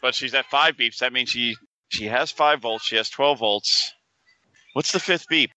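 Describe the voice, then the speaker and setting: A man with a very bright, ringing voice at a middle pitch trades playful banter on a casual podcast. He laughs easily and jumps into the conversation with quick interjections. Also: low-quality recording. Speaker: podcast co-host.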